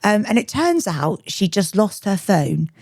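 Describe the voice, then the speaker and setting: A young adult woman, a guest comedian in casual podcast chat, telling a lively story and acting out the dialogue. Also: medium pitch, unhurried, no room sound, studio quality.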